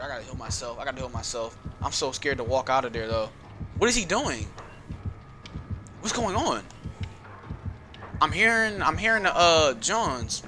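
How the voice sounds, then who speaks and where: A man giving casual live commentary over his own gameplay, excitable and easily frustrated, repeating phrases and using slang. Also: a little high, normal speed, long pauses, soft background music. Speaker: gaming YouTuber.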